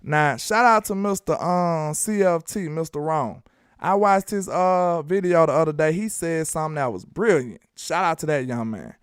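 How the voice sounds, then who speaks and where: Southern man, casual sports talk, playful trash talk, smooth voice, dry close sound. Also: fairly high pitch, moderate pace, no echo, faint music behind. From Alabama. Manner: animated, playful, talks trash. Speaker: sports commentator.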